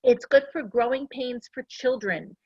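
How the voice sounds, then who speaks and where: A woman's voice: a little high, unhurried, breathy edge, no room sound. Earnest chatty woman, slightly dull dry sound. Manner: chatty, earnest, full of personal stories. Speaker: essential oils presenter. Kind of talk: casual product talk to a class.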